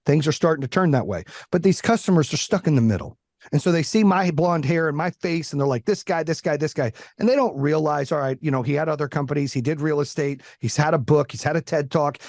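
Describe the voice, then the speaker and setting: A man's voice: fairly high pitch, no echo, clean studio sound. A middle-aged man talking candidly as a podcast guest, blunt and heavy on swearing. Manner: blunt, profane, animated. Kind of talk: candid interview talk.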